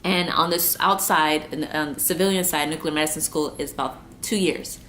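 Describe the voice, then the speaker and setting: A woman's voice: sits low, fairly even intonation, normal speed, fairly bright tone, a little hiss or hum. A woman in her twenties from the United States, talking earnestly to camera about coping with grief, repeating herself and holding back tears. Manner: earnest, repeats herself, trying not to cry. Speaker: vlogger. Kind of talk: personal talk to camera.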